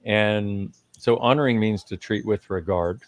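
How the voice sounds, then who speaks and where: A man's voice: lowish voice, unhurried, dry recording. A man speaking as a guest in a live conversation, teaching with emphasis and casual swearing.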